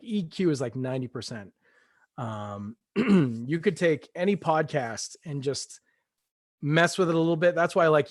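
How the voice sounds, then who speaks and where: A man's voice: fairly high pitch, dry recording. A man, a guest author, reading his own fiction aloud and then chatting in a casual, self-deprecating way from his home studio.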